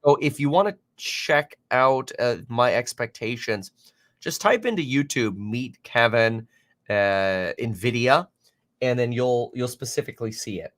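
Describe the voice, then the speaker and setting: A man's voice: medium pitch, expressive, a little slow, dry recording. A man hosting a live market commentary stream, talking off the cuff with many fillers and self-corrections as he reacts to headlines and viewer comments. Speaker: finance livestream host.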